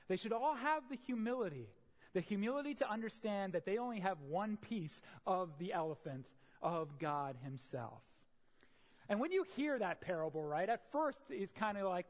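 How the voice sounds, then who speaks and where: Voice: mid-range voice, long reverb tail. A preacher telling a parable in a sermon, emphatic, often checking in with "right?".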